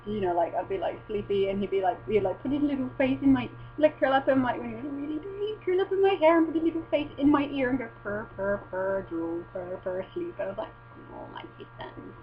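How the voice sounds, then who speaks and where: A woman with a high, animated voice talks fast and barely pauses as she vlogs casually from home. She rambles, swears, and keeps cutting herself off mid-sentence, and the lo-fi recording is dull with a mains hum.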